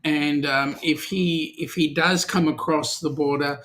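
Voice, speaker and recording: A man's voice: fairly high pitch, steady tone, measured pace, a bit bright. A man with an Australian accent co-hosting a casual live-stream chat, greeting viewers by name and teasing them. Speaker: podcast co-host.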